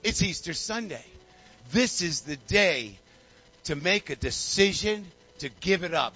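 High, bright-voiced fervent preacher man. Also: expressive, normal speed, no echo, lo-fi sound. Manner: fervent storytelling preacher, repeats phrases, calls to congregation. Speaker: pastor. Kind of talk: sermon with altar call. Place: church sanctuary.

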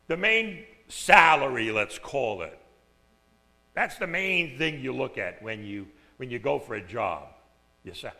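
Lively, bright-voiced male preacher. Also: fairly high pitch. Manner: conversational preaching, swings from soft asides to loud emphatic scripture. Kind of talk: sermon.

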